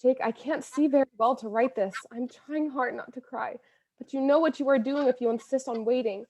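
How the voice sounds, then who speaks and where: A woman's voice: medium pitch, steady tone, brisk, darkish tone, lightly acted. A woman reading the letters of a young woman from 1918, earnest and imploring, with a lovesick, pleading tone. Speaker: reader of historical letters.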